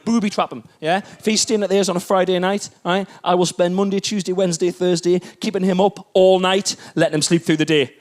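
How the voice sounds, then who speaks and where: A man's voice: sits high, steady tone, brisk, hardly any pauses. A man, doing a stand-up set in an exasperated, ranting manner. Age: 30s. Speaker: stand-up comedian.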